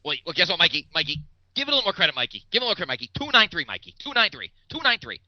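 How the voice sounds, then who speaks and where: A man playing a clueless, excitable sports fan in a comedy bit, rambling and repeating his co-host's name. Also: on the high side, rapid-fire, no room sound, highs cut off. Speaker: podcast co-host in comedy bit. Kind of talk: comedic sports-talk parody.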